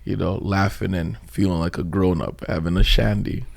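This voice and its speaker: A man from Trinidad, a comedian guest, chatting casually, telling animated stories and laughing often. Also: low-pitched, normal speed, gravelly. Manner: animated storyteller, laughs often, breaks into mock voices. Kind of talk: casual interview chat.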